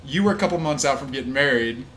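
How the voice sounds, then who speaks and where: A man's voice: medium pitch, expressive, fast, fairly bright tone, a little hiss or hum. A young man, hosting a casual podcast, talking loosely with frequent swearing and easy laughs. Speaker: podcast host and pro fighter. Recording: echoey room with faint ambience.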